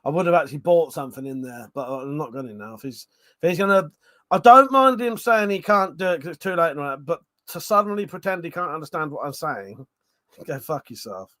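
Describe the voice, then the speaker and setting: A fairly high-voiced man hosts a laid-back livestream, chatting with his viewers. He talks crudely, swears freely and keeps breaking into laughter. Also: animated, fairly quick, fairly bright tone. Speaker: livestream host. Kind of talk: casual chat with live chat.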